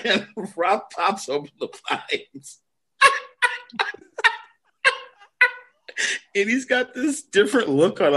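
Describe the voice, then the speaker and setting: Animated man spinning a story in casual chat, slightly high voice, very lively pitch. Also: breathy edge. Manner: animated storyteller, laughs often. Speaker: guest telling a story.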